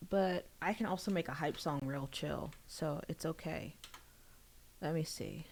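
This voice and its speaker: A woman's voice: moderate pace, creaky. Chatty young woman streaming her book. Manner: chatty, giggly and rambling, with sudden high excited bursts. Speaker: author streaming a book reading. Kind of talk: casual livestream chat.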